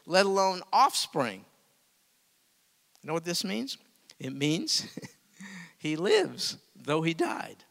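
Animated preacher man in a reverberant hall. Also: gravelly. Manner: animated preaching, swings from hushed to booming. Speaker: pastor. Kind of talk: sermon.

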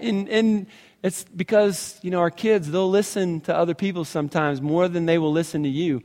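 Man, pastor, sermon, earnest storyteller, slightly high voice, reverberant hall. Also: steady tone, moderate pace, darkish tone. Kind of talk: sermon to a men's gathering.

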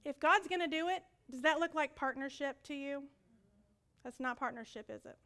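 A woman preaching with a high, bright voice. She tells her stories in an animated way, acting out other people's voices. Loud commands alternate with hushed, whispered asides. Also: moderate pace. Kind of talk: sermon.

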